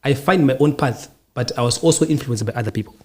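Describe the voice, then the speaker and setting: Husky and darkish, this man's mid-range voice moves at a quick pace. As a podcast host, he answers questions casually and thoughtfully, repeating brief statements.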